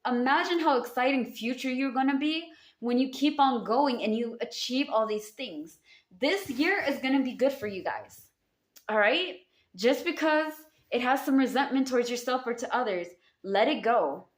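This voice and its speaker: A woman's voice: sits high, expressive, normal speed. A woman with a Southern US accent giving a casual tarot reading, speaking affectionately and calling her listeners honey and baby. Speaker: tarot card reader. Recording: roomy echo.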